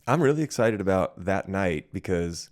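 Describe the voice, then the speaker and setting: A man with a notably deep, low-pitched voice co-hosting a loose comedy podcast. He rambles, backtracks and pokes fun at himself in easygoing banter. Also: expressive, normal speed, darkish tone. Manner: rambling, self-mocking joking. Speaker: podcast co-host, stand-up comic. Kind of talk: casual comedy podcast chat.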